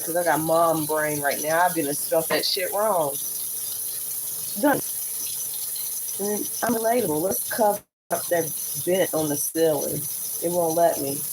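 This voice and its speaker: A woman in her late thirties chatting candidly to her viewers while clearing her kitchen at home. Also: on the low side, a little slow, long pauses, noisy background. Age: 30s. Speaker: vlogger. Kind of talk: casual chat while doing chores. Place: at home in a small apartment kitchen.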